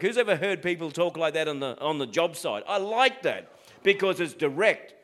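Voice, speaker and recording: Man, Australian accent, pastor, sermon, direct, higher pitched voice. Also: expressive, moderate pace, fairly bright tone. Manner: plain-spoken, direct preaching.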